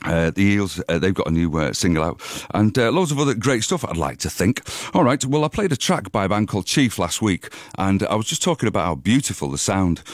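A man's voice: on the low side, big pitch swings, a little fast, no room sound. A middle-aged man presenting a radio music show in a studio, chatty and rambling with lots of fillers and restarts. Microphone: studio microphone.

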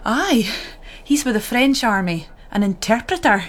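Young scottish farm wife, highish soft homely voice. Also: female voice, very animated, unhurried, a little hiss or hum. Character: young farm wife, warm and eager to please.

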